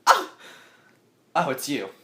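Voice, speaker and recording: A man's voice: on the high side, huge pitch swings, slow pace, pushed and bright, heavily acted. A man voicing a cranky middle-aged woman cook who is curt and exasperated. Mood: dry.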